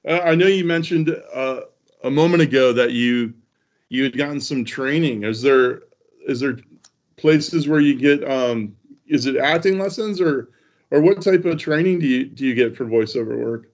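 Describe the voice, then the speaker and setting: A man's voice: medium pitch, normal speed. A man hosting an interview, asking hesitant, friendly questions and affirming often. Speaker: interview host. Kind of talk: casual interview conversation.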